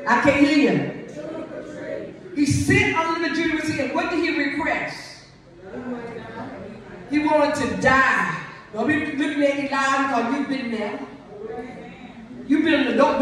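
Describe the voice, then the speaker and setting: A woman apostle preaching a rhythmic call-and-response sermon in church, repeating lines and swinging between shouts and soft pleading. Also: high-pitched. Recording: echoey room, far from mic, music behind.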